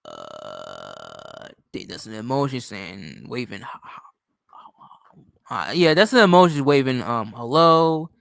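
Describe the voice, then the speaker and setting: A man's voice: medium pitch, sing-song, a little slow, gravelly, long pauses, a bit bright, dry recording, clean studio sound. A young man from New York State hosting a livestream in casual, rambling, profane chat. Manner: rambling, profane, loose and chatty. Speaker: livestream host.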